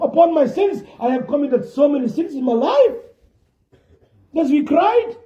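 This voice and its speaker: Impassioned high-voiced male preacher, echoey. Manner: impassioned, swinging from soft to shouting. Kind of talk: sermon. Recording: echoey, dull lo-fi room recording.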